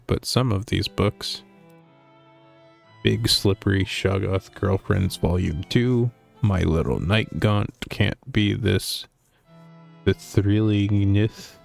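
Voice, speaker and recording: A man's voice: deep voice, fairly even intonation, takes it slowly, creaky, a little mellow. A man streaming a game, reading its lines aloud in a dry, wry way. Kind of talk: reading a visual novel aloud. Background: faint game music.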